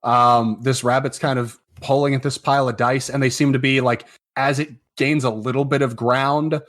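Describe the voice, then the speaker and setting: Man, game master, casual tabletop narration, lots of fillers, mid-pitched voice. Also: moderate pace. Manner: relaxed, loose narration with many fillers.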